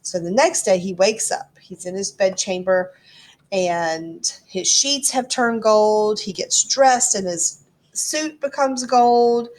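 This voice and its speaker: A woman's voice: medium pitch, takes it slowly. A woman teacher reading a storybook aloud and explaining it to her class in a chatty way. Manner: chatty, explanatory, frequent ums.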